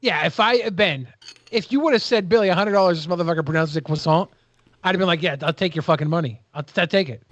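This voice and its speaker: A man's voice: on the high side, quick pace, a bit bright, dry recording, dull audio. A man co-hosting a podcast, mocking clips in crude, profanity-heavy banter. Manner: crude, mocking, swears constantly. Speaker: podcast co-host. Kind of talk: casual profane commentary.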